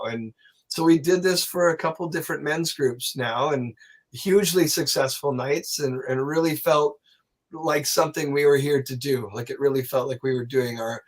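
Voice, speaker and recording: A man telling a long personal story as a podcast guest, animated and swearing, acting out the voices of people he quotes. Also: mid-range voice, normal speed. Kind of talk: casual storytelling.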